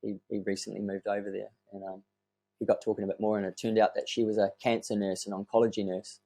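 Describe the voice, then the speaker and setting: A man, telling his story as a podcast guest in an earnest, animated way and swearing casually. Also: on the low side, fast talker. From New Zealand.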